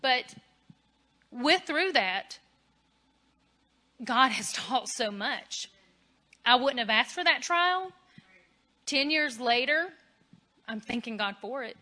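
Chatty bright-voiced woman. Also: sits high, lively intonation, slow pace, long pauses. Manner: chatty and candid, laughing at herself. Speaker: Christian speaker on marriage. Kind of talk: casual faith talk.

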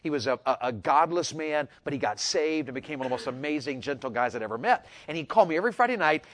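A man telling a folksy personal story, animated and repetitive, rising to loud peaks. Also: on the high side, fast, few pauses. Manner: animated, repeats words, builds to loud peaks. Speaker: storyteller speaker.

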